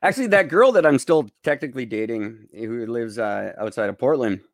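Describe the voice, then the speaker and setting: Lively Canadian man, sarcastic joker. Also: medium pitch, brisk, no room sound, studio quality. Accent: Canadian English. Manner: joking, sarcastic, playful swearing. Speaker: podcast co-host. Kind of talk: casual chat.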